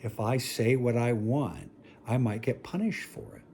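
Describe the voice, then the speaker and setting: A man giving a talk to an audience, telling stories in a jokey, self-mocking way with sudden high exclamations. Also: a little slow, darkish tone, a little hiss or hum. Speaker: speaker on family dynamics.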